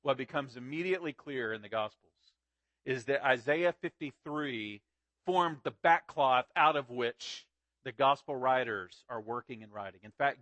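A man's voice: mid-range voice, fairly bright tone, no room sound. Man preaching, dry close sound. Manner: expository preaching, reads scripture aloud, builds to emphatic peaks. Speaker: pastor. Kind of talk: sermon.

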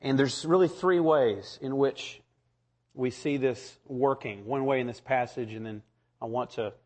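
A man's voice: medium pitch, a little slow, a little mellow. A man preaching a sermon, building to emphatic rhetorical questions. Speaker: pastor.

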